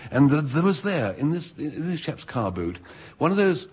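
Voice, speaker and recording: Husky older man telling a rambling story. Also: on the high side, sing-song, normal speed, a little mellow. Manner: rambling, self-amused, stumbling restarts. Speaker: panel show contestant. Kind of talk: comic anecdote. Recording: dull lo-fi radio recording.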